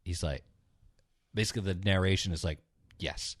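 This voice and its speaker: At a moderate pace and with a darkish tone, a young co-host chats casually on a podcast, with clean studio sound and no echo. He retells stories in a rambling way, cursing often and muttering low as he plays the characters.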